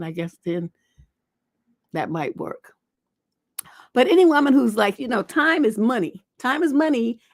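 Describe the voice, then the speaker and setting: A woman's voice: high-pitched, creaky, dry recording. A middle-aged woman relationship coach giving blunt, profane advice on a livestream, acting out retorts as she tells stories. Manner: blunt, profane, animated storytelling with acted-out retorts.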